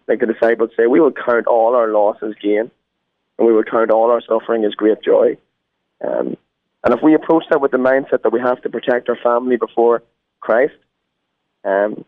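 A man's voice: medium pitch, dry recording. An Irish man, a guest musician, talking earnestly in a phone interview. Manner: earnest, preacherly. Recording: tinny phone line.

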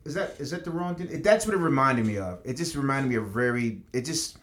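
A man co-hosting a podcast, animated and teasing, swearing freely in casual chat. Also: mid-range voice, fast. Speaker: podcast co-host.

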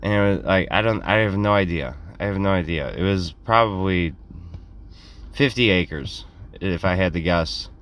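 Low-voiced man telling a rambling story. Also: normal speed, a bit bright. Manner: rambling, self-deprecating, acts out quotes in other voices. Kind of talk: casual comedic storytelling.

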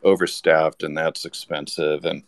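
A man's voice: extremely low pitch, level tone, measured pace, no echo. A man telling a rambling anecdote as a podcast guest, with lots of restarts. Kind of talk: casual storytelling.

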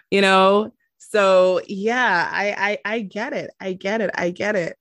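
A woman hosting a podcast in casual chat, animated, often laughing and making dramatic asides. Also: mid-range voice, slow, few pauses, no room sound, clean studio sound. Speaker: podcast host.

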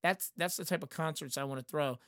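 Chatty guy in his thirties, a bit high for a man, rambly, lots of "like", dead dry mic. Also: brisk, dry recording. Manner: animated, rambling, frequent "like" fillers. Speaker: concert venue manager. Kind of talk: casual podcast chat.

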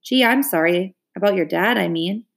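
A woman reading aloud, voicing a spirited, curious young girl in a bright, teasing manner. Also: medium pitch, normal speed, creaky, lightly acted.

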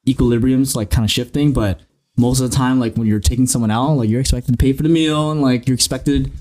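A man's voice: mid-range voice, fairly even intonation, quick pace, dark tone. A young man co-hosting a casual podcast, rambling through stories and laughing often. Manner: rambling storyteller, laughs a lot. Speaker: podcast co-host.

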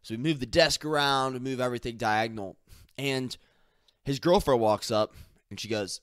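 A man's voice: medium pitch, normal speed, a bit bright, no room sound, clean studio sound. A young man hosting a solo podcast, rambling casually with lots of fillers and the odd curse. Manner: casual, filler-heavy, swearing, mimics others. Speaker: podcast host.

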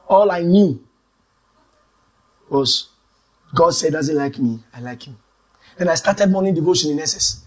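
Husky high-voiced preacher. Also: male voice. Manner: dramatic, swings from shouts to hushed asides. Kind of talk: sermon testimony.

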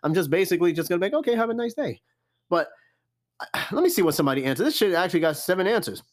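A young man with a high voice races through a casual solo podcast, answering listener questions with blunt, profane advice. He's animated and keeps repeating "I'm gonna tell you right now."

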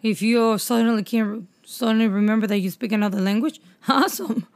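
A woman co-hosting a casual TV review chat, chatty and quick with agreeing murmurs. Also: on the high side, darkish tone, no echo. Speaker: podcast co-host reviewing a TV episode.

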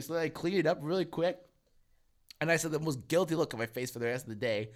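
A young man co-hosting a podcast, telling animated stories in casual chat, swearing freely and laughing as he goes. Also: a little high, fast. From Canada. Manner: animated storyteller, swears, acts out voices with laughs. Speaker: podcast co-host.

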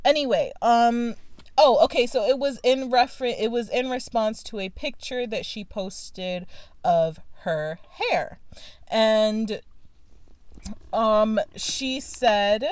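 A woman's voice: on the high side, takes it slowly, a little mellow, no room sound. A young woman co-hosting a podcast, chatting and gossiping casually with many fillers and restarts. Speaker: podcast co-host. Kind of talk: casual chat.

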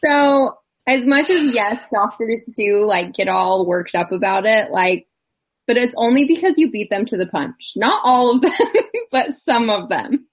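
A woman in casual chat, quick to agree and laughing often. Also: fairly high pitch, lively intonation.

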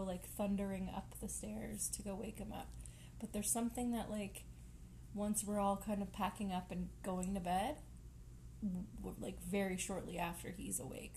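A woman's voice: medium pitch, creaky, mellow, a little hiss or hum. Chatty woman podcast host, laughing often. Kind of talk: casual chat. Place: home.

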